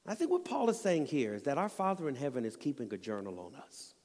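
A man's voice: mid-range voice, huge pitch swings, quick pace, darkish tone. Preacher man in a reverberant hall. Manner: earnest storytelling preacher, builds to emphatic peaks. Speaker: pastor. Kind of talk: sermon.

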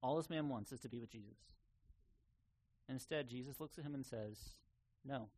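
A man preaching a sermon in an earnest, conversational way, sometimes pausing on fillers. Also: mid-range voice, a little mellow, a little hiss or hum. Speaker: pastor.

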